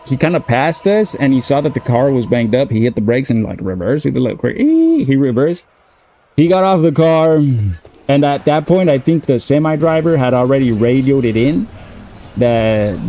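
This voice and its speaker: A man's voice: mid-range voice, dark tone, a little hiss or hum. A man in his thirties telling a long story in a loose, casual way, full of fillers and swearing. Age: 30s. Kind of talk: casual storytelling while gaming.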